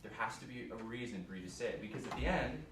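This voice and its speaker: Animated man coaching in an echoey hall. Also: mid-range voice, quick pace. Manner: animated, laughing, acts out lines while giving feedback. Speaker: master class coach. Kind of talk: coaching a singer in a master class. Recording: echoey hall, distant mic, background noise.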